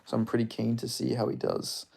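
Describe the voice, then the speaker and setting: Gravelly excitable man. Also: mid-range voice, brisk. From Australia. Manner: excitable, swearing, chatty reactions. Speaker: streamer. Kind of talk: live fight watch-along commentary.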